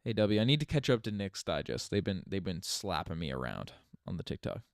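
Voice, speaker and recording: Chatty man from Newfoundland, lively pitch. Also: brisk, gravelly, no echo, studio quality. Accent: light Newfoundland. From Newfoundland, Canada. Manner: rambling, chatty, laughs often, restarts words. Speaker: channel host. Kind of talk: casual live stream chat.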